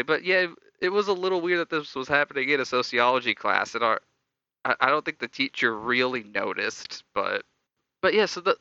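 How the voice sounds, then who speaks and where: Young man, casual storytelling, rambling, reflective, very bright voice, slightly muffled sound. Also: mid-range voice, clean tone, no echo. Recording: slightly dull lo-fi dry recording.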